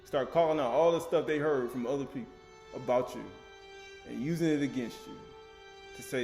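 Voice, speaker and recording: A man's voice: mid-range voice, fairly quick, vocal fry, long pauses, a little mellow, reverberant, soft background music. A man giving a casual Sabbath bible lecture, often repeating phrases and quizzing his listeners. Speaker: scripture teacher.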